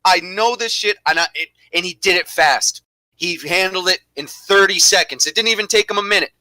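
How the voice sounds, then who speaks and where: A man calling a mock boxing bout with excitable disbelief. His voice is high and very bright, and the sound is dry and close. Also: a little fast, no room sound. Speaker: co-host and commentator.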